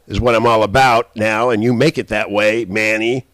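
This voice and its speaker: A man in a rambling, profane personal rant, swinging between shouting and muttering. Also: lowish voice, fairly even intonation, fairly quick, dry recording. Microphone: handheld camera.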